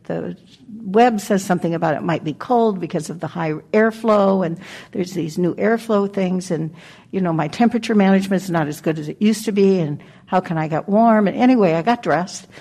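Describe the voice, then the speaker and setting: An older woman giving a gentle, reflective dharma talk as a meditation teacher, pausing often and laughing softly. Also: on the low side, breathy edge. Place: meditation hall.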